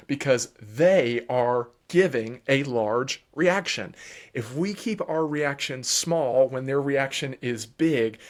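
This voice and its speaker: A man who is a children's therapist, giving parents advice in a calm, explanatory way that turns animated at times. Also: mid-range voice.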